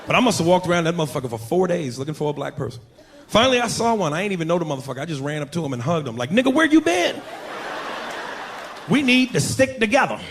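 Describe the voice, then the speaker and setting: An American man telling animated, profane stand-up stories to a live crowd. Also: a little high, very fast. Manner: loud, profane, animated storytelling. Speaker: stand-up comedian. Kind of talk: stand-up routine. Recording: live club show with audience noise.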